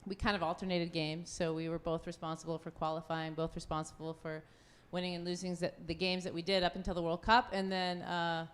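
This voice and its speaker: A woman in her fifties, a former goalkeeper, telling a lively story on a live panel, laughing often and acting out quotes. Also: fairly low pitch, a little fast, few pauses. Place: event venue.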